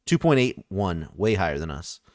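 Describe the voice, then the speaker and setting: A man's voice: low voice, sing-song, normal speed, no echo, clean studio sound. A man in casual podcast chat, reading ratings and reacting with wry asides. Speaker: podcast co-host.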